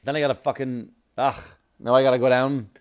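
A man's voice: medium pitch, level tone, a little fast. A comedian chatting casually to his viewers, telling a rambling, profane story with asides, sounding like he has a cold.

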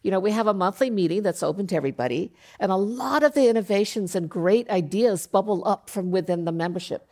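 A middle-aged woman who leads an arts organization, speaking on a panel in a measured, earnest way with frequent fillers. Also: medium pitch, animated, a little mellow. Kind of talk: panel discussion.

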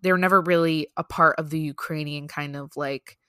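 Bright-voiced chatty woman podcast co-host. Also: low voice, fairly even intonation, moderate pace, clear, resonant tone, no room sound, clean studio sound. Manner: chatty, laughs often, loose fillers. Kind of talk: casual news chat.

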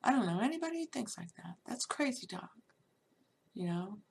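A woman's voice: mid-range voice, sing-song, normal speed, vocal fry, a little hiss or hum. A woman talking in an unscripted monologue, emphatic and rambling, full of "you know" fillers, with scolding outbursts.

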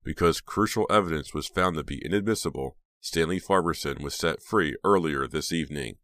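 A man voicing a male television reporter with a measured news delivery. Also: a bass voice, a bit bright, no echo, clean studio sound. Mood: formal. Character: composed male TV field reporter.

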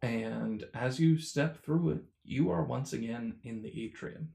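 A man running a tabletop role-playing game as game master, narrating in a relaxed, halting way with frequent fillers. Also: mid-range voice, vocal fry.

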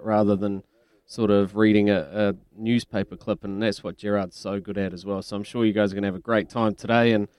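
Chatty low-voiced male radio host. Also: darkish tone, clean tone, no echo. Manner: chatty, laughs often, teasing. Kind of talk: casual radio chat.

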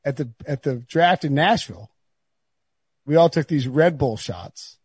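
A man's voice: a little high, lively intonation, a little slow, slightly rough, no echo. A man hosting a sports podcast, rambling and laughing through stories with his friends. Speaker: podcast host. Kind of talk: casual sports podcast banter.

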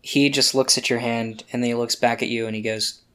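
A game master runs a tabletop game and describes the scene in a relaxed, casual voice. The pitch sits at an ordinary middle level. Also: fairly quick, smooth.

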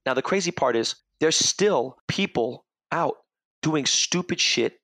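A young man hosting a podcast, telling stories in a fast, profane rant and acting out the people he quotes. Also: a little high, animated, a bit bright, dry recording. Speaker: podcast host.

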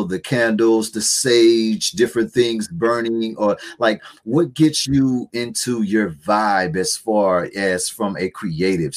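An interviewer asks long, rambling questions with stumbling restarts. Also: mid-range voice. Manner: slow, stumbling restarts when asking questions. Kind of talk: casual interview chat.

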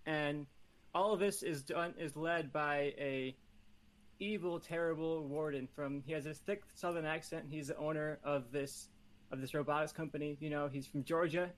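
A man pitching a movie idea on a casual podcast, playful and competitive, rambling through his ideas. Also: fairly even intonation, moderate pace. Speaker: podcast panelist. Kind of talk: casual chat.

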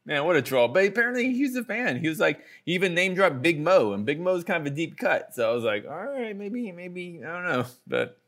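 A man's voice: on the high side, big pitch swings, fast talker, hardly any pauses, fairly bright tone. Chuckling man from Houston telling stories. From Houston, Texas. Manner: chuckling, stammering storyteller. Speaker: reporter and podcast panelist. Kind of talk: casual sports chat.

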